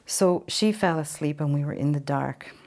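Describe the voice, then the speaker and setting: A woman from Ireland giving an earnest, halting personal testimony in an interview, sometimes emotional. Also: deep voice, darkish tone. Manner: earnest, halting storytelling with restarts. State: emotional at times. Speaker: interview guest.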